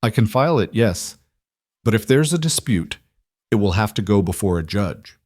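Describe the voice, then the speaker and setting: A man's voice: lowish voice, expressive, moderate pace, darkish tone, no echo, clean studio sound. A man voicing a thin, bored land office clerk who turns wary and hesitant.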